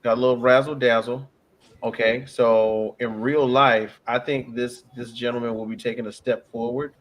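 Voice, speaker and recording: A man's voice: mid-range voice, level tone, normal speed. A man hosting a casual sports chat, joking around and building hype as he makes his picks. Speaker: host.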